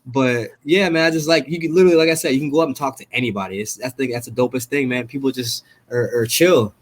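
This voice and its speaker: A young man from Jamaica, a fighter guest chatting casually on a podcast, laid-back and animated, laughing often. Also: mid-range voice, quick pace.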